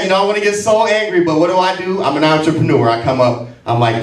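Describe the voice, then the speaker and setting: A man's voice: sits high, quick pace, few pauses. A man in his forties doing a brash, profane, mocking stand-up routine on a comedy club stage. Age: 40s. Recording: echoey club sound from a distant mic.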